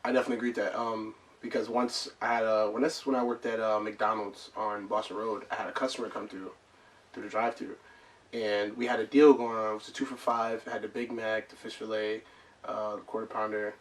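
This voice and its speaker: A young man co-hosting a casual podcast, telling a story in a slangy, relaxed way. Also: on the low side, brisk, recorded from a distance, poor audio. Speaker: podcast co-host.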